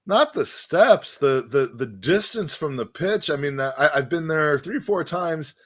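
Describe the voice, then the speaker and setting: A man's voice: fairly high pitch, lively intonation, unhurried, slightly rough, no room sound. Man, podcast co-host, casual chat, rambling with fillers, dry sound. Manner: rambling, frequent fillers and restarts.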